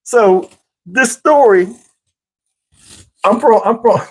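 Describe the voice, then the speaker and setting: Man from New Jersey, casual storyteller, chuckling, animated and rambling. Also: high-pitched, takes it slowly, low-quality recording. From Camden, New Jersey, US. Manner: chuckles often while telling the story. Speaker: channel host.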